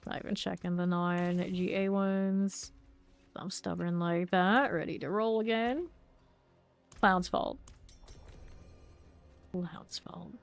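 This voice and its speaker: A woman's voice: mid-range voice, steady tone, a little slow. A woman with a light Southern US accent streaming a game, chatting casually and laughing with her viewers as she plays. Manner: chatty and self-teasing, talks to chat while playing, laughs often.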